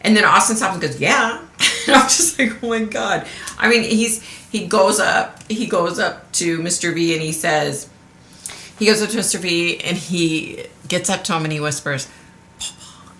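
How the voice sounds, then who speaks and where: Middle-aged woman vlogger, chatty storyteller, bright edge, somewhat low voice, roomy sound. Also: normal speed. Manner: chatty storyteller, laughs often, acts out quotes. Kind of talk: casual livestream chat.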